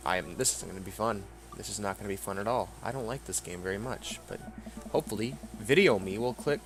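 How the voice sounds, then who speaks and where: A man's voice: lowish voice, fast, slight background noise. A man giving sarcastic, grumbling commentary over a video game, reading the dialogue aloud. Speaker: let's play commentator.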